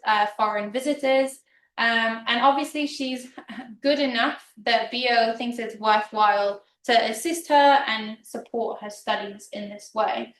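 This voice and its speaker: A woman's voice: fairly high pitch, fairly bright tone, recorded from a distance. A woman lecturer giving a public history talk in a casual, chatty manner with frequent ums. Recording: roomy hall, speaker off-mic.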